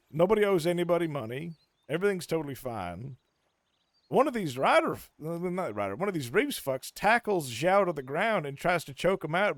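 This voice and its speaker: Pitched on the high side, this man's voice comes through in a dry, studio-quality recording. The streamer is on a call with friends, animatedly relating a long story, cursing freely and performing what others said in the middle of it.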